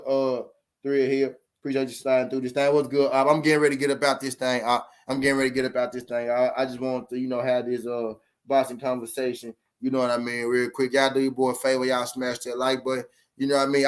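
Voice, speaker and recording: A man hosting a boxing channel, ranting to his live-stream viewers in blunt, profane street slang full of repeated phrases. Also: medium pitch. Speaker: boxing commentary channel host.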